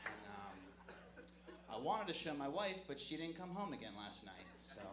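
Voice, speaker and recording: A man performing a stand-up comedy set on a club stage, with an awkward, self-deprecating delivery full of halting restarts. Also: medium pitch, big pitch swings. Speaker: stand-up comic. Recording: echoey club room with crowd noise.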